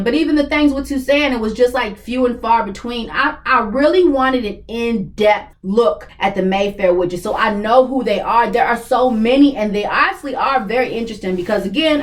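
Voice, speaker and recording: A woman with a Kentucky Southern accent, hosting a casual, opinionated TV review and rambling through her asides. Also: fairly high pitch. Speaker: TV reaction channel host.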